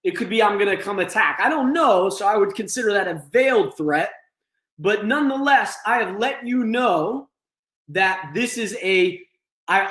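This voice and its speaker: Acting out examples as he goes, a man leads an online training session explaining how to de-escalate a crisis. His high, bright voice carries a forceful tone, and the room is audible in the sound.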